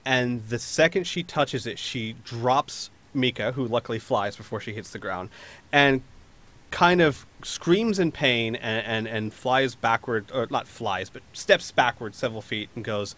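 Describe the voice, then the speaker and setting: A man's voice: medium pitch, measured pace, a bit bright. Man narrating as game master.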